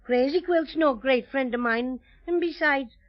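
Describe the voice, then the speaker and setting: A man's voice: very high voice, measured pace. An actor playing a small, friendly male teddy bear with an Irish accent in an old radio drama, with a lilting, cheery way of talking. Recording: dull old radio recording.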